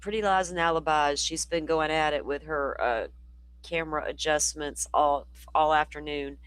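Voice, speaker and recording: A man's voice: fairly high pitch, steady tone, moderate pace, a bit bright, smooth, no room sound, low-quality recording. A man hosting a livestream, chatty and rambling, his voice worn from talking all day. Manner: chatty, rambling, talks to chat. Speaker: livestream host. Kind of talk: casual live commentary.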